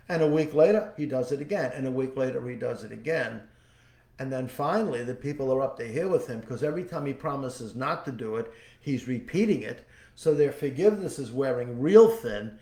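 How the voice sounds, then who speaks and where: A podcast host and psychic medium gives a spiritual teaching talk like a folksy storyteller, repeating his key phrases. His voice is fairly high and a little mellow, moving slightly fast, and the room is echoey.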